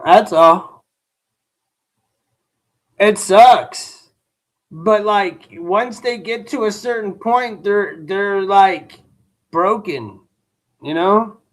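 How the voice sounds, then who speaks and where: Slow, high-voiced man chatting on a livestream. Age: adult. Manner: laid-back slangy talk, says bro a lot; dismissive toward a chat troll. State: tired. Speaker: livestream host. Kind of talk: casual livestream chat.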